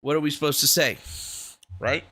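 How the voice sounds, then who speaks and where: A man's voice: on the high side, normal speed, sharp tone, no room sound. A young man hosting a livestream, ranting in a casual, profane and rambling way from a small room. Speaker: livestream host. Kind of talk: casual political rant.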